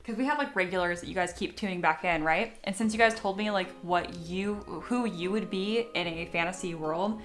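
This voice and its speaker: A woman's voice: on the low side, normal speed, hardly any pauses, reverberant. A woman sculpting on a live stream, chatting casually with her viewers and reading their comments aloud, often poking fun at herself. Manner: chatty, self-deprecating, reads chat aloud.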